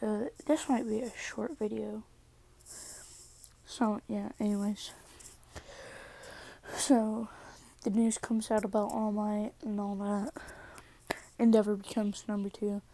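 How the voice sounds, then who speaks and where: A woman casually improvising a fan fiction story, hesitant, with many fillers and long pauses, sometimes dropping to a whisper. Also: medium pitch, level tone, gravelly, mellow, low-quality recording.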